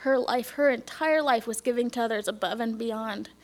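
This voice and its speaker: Woman, middle-aged, slightly high voice; heartfelt church testimony, hushed at times, talks straight to the congregation. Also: moderate pace. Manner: earnest, drops to a whisper, asks the audience questions. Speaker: speaker giving a church testimony.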